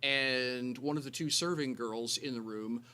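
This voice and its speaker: A man's voice: mid-range voice, unhurried, sharp tone. A man runs a tabletop game as game master. He rambles through his descriptions, full of fillers and false starts, and keeps circling back to his point. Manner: rambling, many fillers and restarts.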